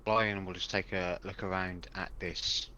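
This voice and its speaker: A man playing a tabletop game, describing his character's actions in an unhurried, hesitant way. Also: low-pitched, little pitch movement, bright, forceful tone, slight background noise, low-quality recording. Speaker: player.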